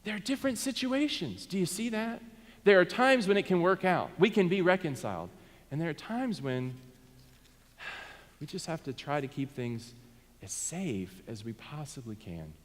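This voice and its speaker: A man preaching a sermon as pastor, talking directly with his congregation and asking them to respond. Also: mid-range voice. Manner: interactive, asks congregation to respond. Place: church sanctuary. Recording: reverberant church sanctuary.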